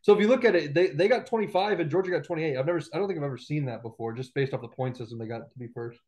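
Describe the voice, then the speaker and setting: A man with a slightly raised voice talks rapidly on a casual sports podcast. He sounds incredulous as he speaks. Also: fairly high pitch, darkish tone.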